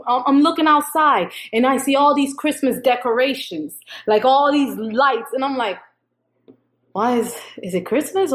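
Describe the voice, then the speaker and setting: A young woman with a high, bright-toned voice recounts a dream in a rambling, animated way. She keeps restarting her sentences and acts out the dialogue as she goes. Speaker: YouTuber sharing a prophetic dream. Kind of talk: casual spoken dream account.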